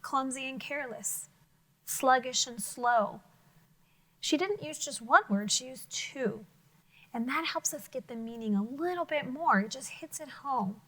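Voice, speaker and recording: A woman teacher reading a picture book aloud to children, expressive and full of questions to her listeners, sometimes dropping to a whisper. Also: sits high, normal speed, hardly any pauses, low-quality recording. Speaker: elementary school teacher.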